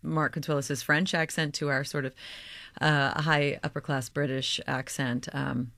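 A woman from Oklahoma, a stage actor being interviewed, chatting in an animated way full of fillers. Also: sits low, a little slow, dry recording. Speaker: guest actor. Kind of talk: casual interview talk.

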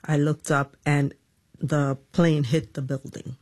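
A woman's voice: low voice, little pitch movement, slow pace, darkish tone, no echo. A woman, a police officer, giving a plain, matter-of-fact account in an interview. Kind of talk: interview testimony.

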